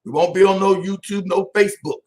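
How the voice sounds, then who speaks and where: A man hosting a casual live stream, talking to viewers by name, animated and often laughing. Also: sits high, brisk.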